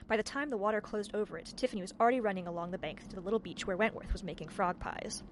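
A woman narrating a storybook in an expressive, measured way. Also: medium pitch, a little hiss or hum. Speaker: audiobook narrator.

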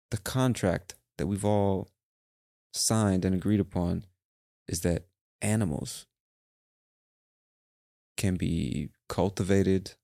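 Low, ranting podcast guy, lots of swearing. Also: warm tone, no room sound, clean studio sound. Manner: rambling, profane, ranting. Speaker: podcast host. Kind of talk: casual solo monologue.

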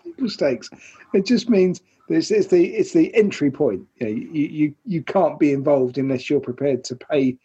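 Mellow, husky-voiced man reading listener mail. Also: a little high, animated, normal speed, highs cut off. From England. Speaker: podcast co-host reading listener messages. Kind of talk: casual chat.

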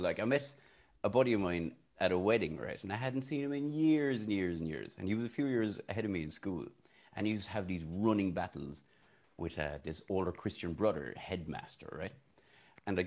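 A man with an Irish accent, a teacher and podcast guest, telling stories in casual chat, laughing and acting out the voices of the people in them. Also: on the low side. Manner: animated, laughing, acts out voices in anecdotes. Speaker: primary school teacher, guest.

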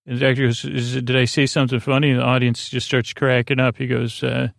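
A man with a faint Upstate New York accent talks through a TV episode in a slow, halting way, full of "uh"s and restarts. His voice is gravelly and stays flat in pitch. The recording is dry and close, with no room sound. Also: dry recording. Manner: halting, many "uh"s and restarts, low-key. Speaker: podcast host. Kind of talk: sleepy recap of a TV episode.

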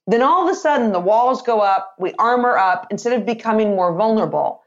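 Casting: woman in her 50s, energetic interview guest, muffled lo-fi audio. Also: fairly high pitch, fast talker, few pauses. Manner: energetic, expressive, acts out example dialogue. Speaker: author and sales trainer.

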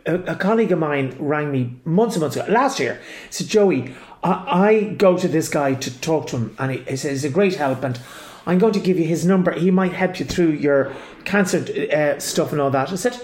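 A man's voice: a little high, brisk, few pauses. An Irish man in casual chat, telling stories animatedly and acting out what people said. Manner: animated, acts out quoted voices. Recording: echoey room.

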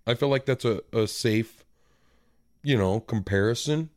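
A man's voice: mid-range voice, a little slow, dry recording, studio quality. A man co-hosting a casual sports podcast, laid-back and agreeable. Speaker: podcast co-host.

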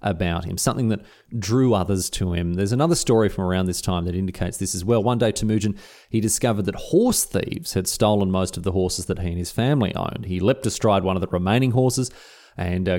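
A man's voice: sits low, darkish tone. A man with an Australian accent, a podcast host telling history in a casual, irreverent, slang-filled way.

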